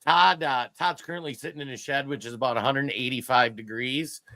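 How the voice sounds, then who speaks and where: A fifty-year-old man co-hosting a political podcast with a bright, forceful voice. He talks in an excitable, joking and emphatic way, and the sound is close and dry. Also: mid-range voice, a little fast, no room sound. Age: 50s. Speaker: podcast co-host. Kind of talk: casual political podcast chat.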